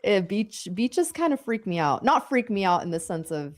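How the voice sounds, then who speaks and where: A woman's voice: mid-range voice, big pitch swings, normal speed. A woman co-hosting a live stream, bantering casually with short reactions. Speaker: co-host of a live trading stream. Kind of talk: casual chat.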